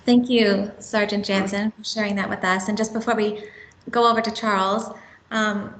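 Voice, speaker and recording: A woman's voice: medium pitch, level tone, normal speed, fairly bright tone, a little hiss or hum. A woman hosting a library talk who moderates in a friendly way with many fillers. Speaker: event host. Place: public library event room. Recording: roomy echo.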